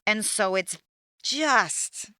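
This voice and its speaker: A woman's voice: medium pitch, expressive, drawn-out words, pushed and bright, dry recording, studio quality. A woman co-hosting a podcast, recapping a reality show in casual chat. She talks bluntly and sarcastically and swears freely. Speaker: podcast co-host.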